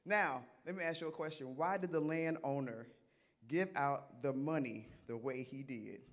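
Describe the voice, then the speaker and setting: A man's voice: mid-range voice, moderate pace. A middle-aged man leading an interactive sermon as a Bible study teacher. He asks the audience questions, repeats their answers and laughs often. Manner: animated and playful, laughs often.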